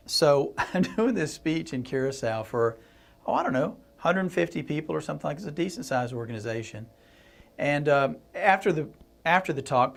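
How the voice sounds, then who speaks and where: A man's voice: mid-range voice, creaky. Middle-aged man telling stories in a blog video. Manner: conversational storytelling with laughs and restarts. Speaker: business consultant and speaker. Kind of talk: casual blog talk to camera.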